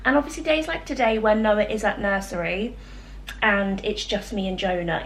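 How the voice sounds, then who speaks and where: A young woman chatting casually to camera at home, gentle and emotional, with lots of fillers. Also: a little high, slight background noise. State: emotional, close to tears. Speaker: vlogger. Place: home, indoors.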